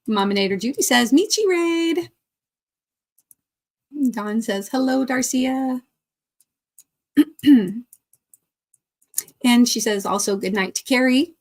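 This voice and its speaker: Chatty woman host, fairly high voice, greets viewers by name, laughs easily. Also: expressive, takes it slowly, pauses often, a little mellow. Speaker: crochet livestream host. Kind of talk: casual livestream chat reading viewer comments.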